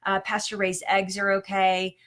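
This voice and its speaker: A woman's voice: mid-range voice, completely flat delivery, moderate pace, fairly bright tone. A woman health coach chatting casually on a live stream, answering questions with lots of ums and restarts and frequent laughs.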